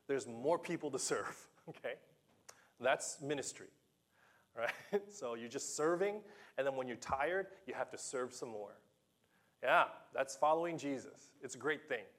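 A man preaching a sermon to a congregation, animated and playful, acting out the dialogue of the scripture story with laughs and asides. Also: on the high side. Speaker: pastor.

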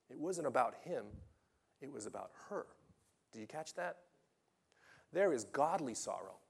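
A man preaching a sermon as pastor, with dramatic swings between loud emphasis and quiet asides. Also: medium pitch, vocal fry, slightly rough.

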